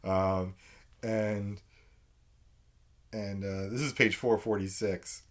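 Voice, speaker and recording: A man's voice: fairly low pitch, fairly even intonation, takes it slowly. A man giving a conversational literature lecture, full of fillers and "right?" check-ins. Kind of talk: recorded lecture.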